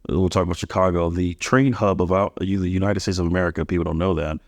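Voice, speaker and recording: This podcast host, a man in his thirties, talks fast in a low voice with fairly even intonation, recorded in studio quality without any room sound. The conversation is casual; he comes across as earnest, tells anecdotes, and often repeats words when starting a sentence.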